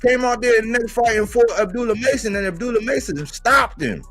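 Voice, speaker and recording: Animated man talking boxing. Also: very high-pitched, fairly quick, soft background music. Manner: animated, emphatic, rhetorical questions. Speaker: boxing podcast host. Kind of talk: casual boxing commentary.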